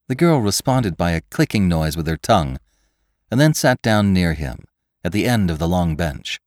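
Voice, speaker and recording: A man narrating a classic tale for a podcast in measured, expressive storytelling. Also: low-pitched, no room sound, studio quality.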